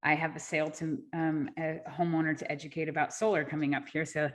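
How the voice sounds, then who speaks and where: A woman's voice: deep voice, level tone, quick pace. A woman hosting an online sales forum over a video call, upbeat and encouraging as she reads questions and thanks her guest. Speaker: forum host. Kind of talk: casual online meeting talk.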